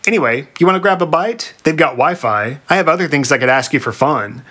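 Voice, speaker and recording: A man putting on a shrill bright female Sphinx. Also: lively intonation, brisk, breathy edge, full character voice. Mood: breezy. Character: female Sphinx, fierce monster, chatty, online-obsessed.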